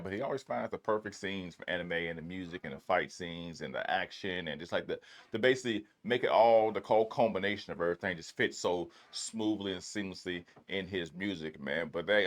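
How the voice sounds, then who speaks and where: A man's voice: low-pitched, a bit bright. A man hosting a music reaction video, talking in a laid-back, slangy way and tagging his sentences with "man". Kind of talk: casual reaction commentary.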